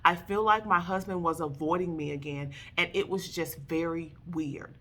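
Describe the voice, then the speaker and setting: A woman sharing a personal faith testimony and exhorting wives, animated and emphatic, calling her listeners "baby". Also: on the low side, moderate pace, a little hiss or hum. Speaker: faith vlogger addressing wives.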